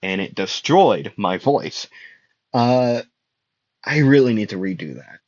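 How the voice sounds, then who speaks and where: Slow, rambling young man, dull lo-fi mic. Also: lowish voice, lively intonation, a little mellow, no echo. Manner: rambling, self-correcting, jokey. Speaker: fan story narrator. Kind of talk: casual rambling storytelling.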